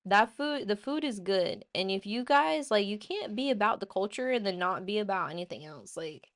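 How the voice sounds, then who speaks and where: A woman hosting a casual opinion show, ranting in an animated, blunt way with plenty of swearing. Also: mid-range voice, normal speed. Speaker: host.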